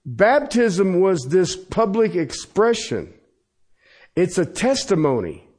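Preaching in a church, a man's voice sits high and swings widely in pitch, slow and a little mellow with a breathy edge. He's emphatic and repetitive, changing pace abruptly and often asking his listeners "Okay?".

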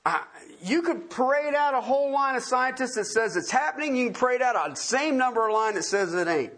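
A man's voice: very high voice, lively intonation, brisk, fairly bright tone. A man preaching a sermon in a folksy, emphatic way, firing off rhetorical questions and repeating key words.

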